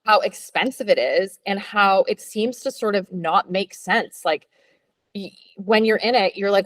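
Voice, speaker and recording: A woman hosting a casual conversation, talking in a chatty, animated way with lots of filler words. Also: mid-range voice, a little slow, no room sound. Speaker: host.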